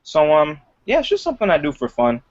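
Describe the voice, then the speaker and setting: A man's voice: a little high, huge pitch swings, quick pace. A young man chatting as an interview guest, talking loosely with lots of "like" and "you know" and laughing often. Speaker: guest, aspiring comedian. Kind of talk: casual interview chat. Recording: dull lo-fi audio.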